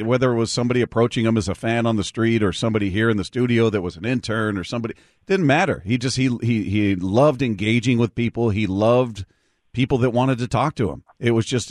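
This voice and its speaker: A man's voice: medium pitch, no echo, studio quality. A male radio host speaking reflectively on a call-in show, often restarting his words. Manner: warm repetitive restarts, reflective. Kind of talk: call-in radio tribute chat. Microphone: studio mic.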